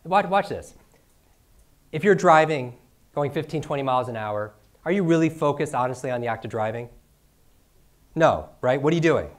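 A middle-aged man teaches speed reading to a live audience in an energetic seminar, firing off rhetorical questions and ending lines with "right?". His mid-range voice has lively intonation, normal speed, and frequent pauses.

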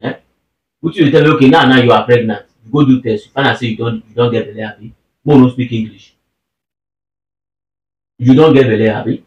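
A man's voice: mid-range voice, fast talker, long pauses, a little mellow, muffled recording. A young Nigerian man arguing with his wife at home, insistently demanding that she explain herself plainly. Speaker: husband. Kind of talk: casual argument between spouses. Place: room at home. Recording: roomy and distant.

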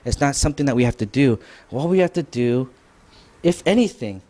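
A man preaching a conversational church lecture, mostly relaxed but rising to emphatic points. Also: medium pitch, brisk. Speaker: pastor. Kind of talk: sermon lecture.

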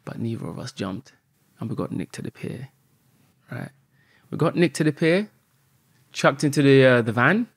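A man, a podcast guest telling a story in an animated way and swearing often. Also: mid-range voice, moderate pace, pauses often, husky, no echo, studio quality.

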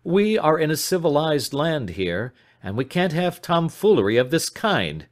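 Guy putting on a stubborn scornful old dad, loud and blustery. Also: fairly high pitch, big pitch swings, a little slow, voice pushed up. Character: obstinate older man, scornful and stubborn.

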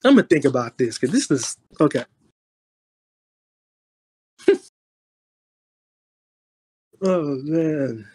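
A man's voice: fairly high pitch, sing-song, extremely slow, pauses often, darkish tone, breathy edge, no room sound, studio quality. A young man streamer rambling in casual, slangy, profane talk while roasting someone on a voice chat. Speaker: online streamer.

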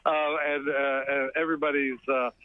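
Halting man on a muffled line. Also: mid-range voice, flat delivery, slight background noise. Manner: halting, many fillers, warm thanks. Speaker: caller reporting from a theatre foyer. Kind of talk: casual on-air chat. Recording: muffled phone line on radio.

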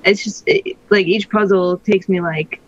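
Unhurried and medium-pitched with fairly even intonation, a woman co-hosts a casual podcast chat, rambling through lots of fillers and restarts. The sound is dull lo-fi podcast audio.

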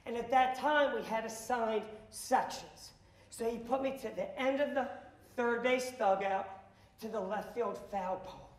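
A man speaking as a motivational speaker to students, telling a story with lots of energy. He acts out the dialogue and now and then bursts into shouts. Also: extremely high pitch, unhurried, echoey room. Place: school auditorium.

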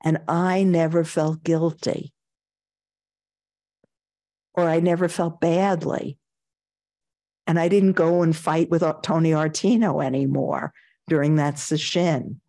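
A woman's voice: low-pitched, fairly even intonation, takes it slowly, long pauses, warm tone. An older woman with a New York accent giving a Zen dharma talk, telling anecdotes, chuckling and acting out the voices she quotes. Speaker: Zen teacher.

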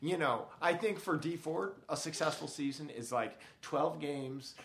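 Loose, slightly high-voiced male co-host. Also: measured pace, a bit bright. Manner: loose, hesitant, profane banter. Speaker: podcast co-host. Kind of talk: casual sports podcast chat.

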